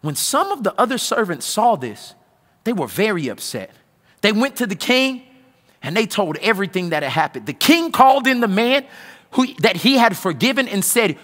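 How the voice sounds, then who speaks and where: High, animated preaching man, big hall. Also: normal speed. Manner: preaching with sudden loud outbursts and hushed low passages. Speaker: pastor. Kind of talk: sermon. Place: large church hall.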